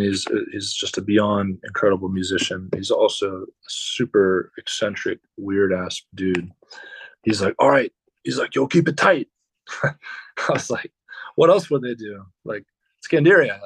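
Man, low voice, rambling tour stories, swears a lot, dry close sound. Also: no echo, low-quality recording. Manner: rambling, swears often, many fillers. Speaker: musician guest. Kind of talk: casual storytelling.

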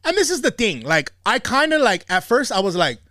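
A man's voice: high voice, a little fast, no echo, studio quality. A man hosting a podcast, telling a story in a casual, profane way and laughing often. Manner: animated, swears a lot, laughs often. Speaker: podcast host.

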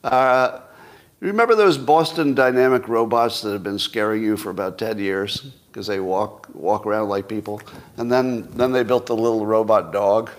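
A man's voice: lowish voice, normal speed. A man in his sixties hosting a solo commentary show, rambling and self-mocking with frequent chuckles. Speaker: podcast host.

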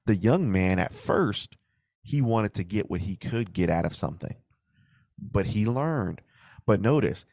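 A man preaching a sermon to young people, speaking slowly and deliberately and repeating phrases for emphasis. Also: deep voice, a little mellow, no echo, clean studio sound.

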